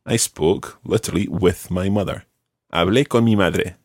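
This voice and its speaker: Low-voiced patient male Spanish teacher. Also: moderate pace, darkish tone, husky, no echo, clean studio sound. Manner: patient, repeats words for the student. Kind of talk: one-to-one language lesson.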